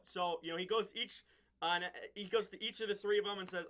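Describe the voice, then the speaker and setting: A man with a high, very bright, cutting voice talks through a TV episode in a loose, casual review. He rambles and chuckles often as he recaps. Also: fairly even intonation, fast.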